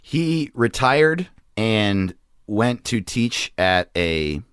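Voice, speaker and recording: A man's voice: lowish voice, big pitch swings, drawn-out words, fairly bright tone, clear, resonant tone, no room sound, studio quality. A young man, a comedian, chatting casually on a podcast, laughing often and acting out quotes. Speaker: comedian guest. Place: garage studio.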